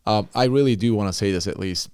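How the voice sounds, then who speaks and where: An easygoing man with a low voice, telling a story on a podcast. A faint hiss of noise sits behind him. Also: quick pace, a little mellow. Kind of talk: casual podcast chat.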